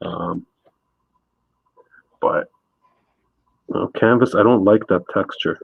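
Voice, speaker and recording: This streaming artist talks with a guest as he paints, rambling easily and filling gaps with filler words. His voice is deep, slow, and gravelly with a breathy edge, captured dry and phone-like with no room sound.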